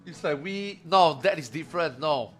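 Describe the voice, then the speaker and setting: A man in his forties chatting casually on a live stream, animated and laughing as he mocks slang. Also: fairly high pitch, normal speed, faint music behind. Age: 40s. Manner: animated, laughing, mocking slang in comic voices.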